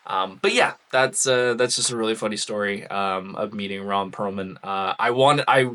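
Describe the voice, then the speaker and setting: A man tells a personal story straight to camera in a loose, chatty vlog style. His voice is bright and forward, and he fills his pauses with easygoing ums and uhs. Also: fairly low pitch. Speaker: cosplay vlogger. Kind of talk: casual anecdote storytelling.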